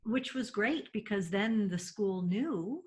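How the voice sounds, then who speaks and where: A woman's voice: medium pitch, expressive, takes it slowly, a little mellow. A woman, a mother, explaining parenting steps on a video call in a chatty way, often correcting herself mid-sentence. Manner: chatty, self-correcting, many fillers. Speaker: parent guest. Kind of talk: casual webinar chat.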